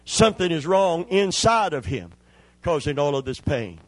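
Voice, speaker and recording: A middle-aged male pastor preaching a sermon, telling a personal story with emotion and dropping to a hushed voice when he re-enacts a prayer. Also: on the high side, very animated, moderate pace, dry recording, rough recording.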